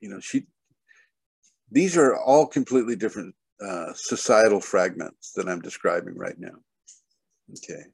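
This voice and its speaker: Man, spiritual teacher, low voice, rambling, video call, dry sound. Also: normal speed, creaky, long pauses, slightly rough, no echo. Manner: rambling, full of "you know" and "okay". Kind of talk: spoken online teaching.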